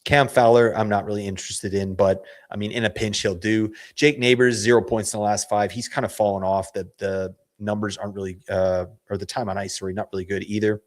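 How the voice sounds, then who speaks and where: A man hosting a fantasy hockey show, hoarse from losing his voice, chatting casually in a rambling, self-correcting way full of slang. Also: on the low side, level tone, fairly quick, few pauses. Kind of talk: casual analysis chat.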